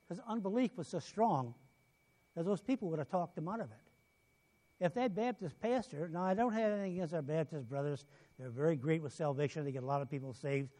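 Male preacher, high voice, storytelling sermon, loud bursts and soft asides. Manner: storytelling, acts out quoted voices, loud bursts then drops quiet.

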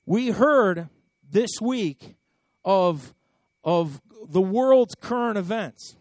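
High-pitched guy preaching, chatty story mode, repeats himself, gets loud and emphatic, dry close sound. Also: expressive, very slow, dry recording. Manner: conversational storytelling with repeated words and emphatic swells. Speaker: pastor. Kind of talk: sermon.

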